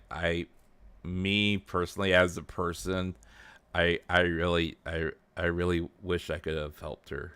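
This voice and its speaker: A man streaming a game, reacting with laughs and stumbling, halting replies. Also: deep voice, little pitch movement, sharp tone, smooth. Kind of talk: gameplay commentary.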